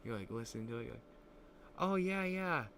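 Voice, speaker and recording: A man's voice: medium pitch, expressive, brisk, vocal fry, a bit bright, a little hiss or hum. A man in his twenties telling stories in casual, profane stream chat. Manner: loose, profane storytelling, often does quoted voices.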